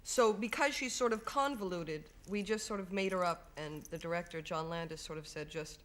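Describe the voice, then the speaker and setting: Young american actress on a tv chat show, giggly, tells stories all animated. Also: female voice, fairly low pitch, normal speed, slight background noise. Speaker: film actress guest. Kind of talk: studio chat show interview. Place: television studio.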